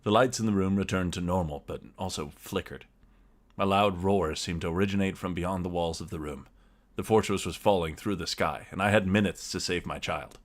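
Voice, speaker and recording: Deep-voiced man narrating a game story. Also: brisk. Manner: steady, descriptive narration. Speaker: player narrating his character. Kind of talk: first-person story narration in a tabletop game.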